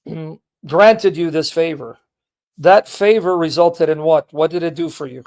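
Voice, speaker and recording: A man hosting a live stream, lecturing a caller in a heated, forceful way. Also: a little high, measured pace. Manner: forceful, lecturing, berating chat commenters. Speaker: livestream host. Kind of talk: heated live teaching and chat.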